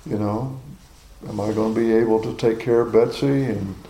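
A man's voice: on the low side, fairly even intonation, moderate pace, mellow, echoey room, low-quality recording. A man in his sixties preaching a sermon in a folksy, personal storytelling way. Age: 60s.

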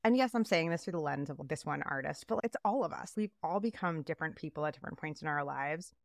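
A woman co-hosting a casual podcast chat, talking in an animated way and acting out the voices she quotes. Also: deep voice, fast talker, gravelly, dry recording, clean studio sound. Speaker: podcast co-host.

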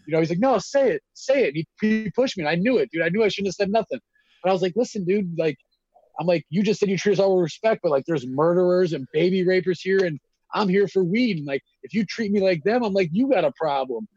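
Animated man telling a story. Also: high voice, quick pace, breathy edge, dry recording. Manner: animated, acts out quotes, heavy filler and swearing. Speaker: guest telling prison stories. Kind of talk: casual storytelling chat. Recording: dull lo-fi dry recording.

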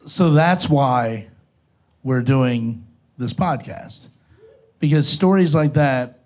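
A man's voice: medium pitch, slow, darkish tone. A man hosting a podcast in a casual chat, easygoing and chuckling. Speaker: podcast host.

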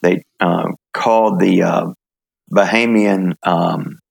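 An older man from the United States telling his story in an interview, halting, with many fillers and restarts. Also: low voice, fairly even intonation, creaky. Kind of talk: relaxed testimony in conversation.

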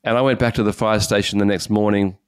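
A man, a pastor, giving an earnest, animated personal testimony in conversation. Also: on the low side, fast, clean tone, no echo, clean studio sound. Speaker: pastor and guest speaker.

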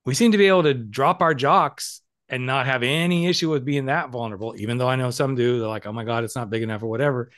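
A man of ordinary pitch hosts a relaxed conversation. His voice is close and dry, with no room sound around it. He teases, jokes and drops in quick affirmations. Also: no room sound. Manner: playful, jokey, quick affirmations. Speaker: podcast host. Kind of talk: casual interview chat.

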